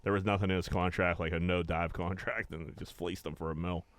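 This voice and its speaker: A man hosting a casual podcast, with a fairly low voice. He talks loosely and laid-back, leaning on fillers as he tells stories. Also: little pitch movement, brisk, fairly bright tone. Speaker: podcast host.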